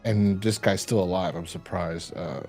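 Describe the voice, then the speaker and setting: A man's voice: low-pitched, moderate pace, a little mellow, faint music behind. A man hosting a review podcast, chatting casually and rambling with lots of fillers. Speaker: podcast host reviewing a horror episode. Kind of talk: casual chat.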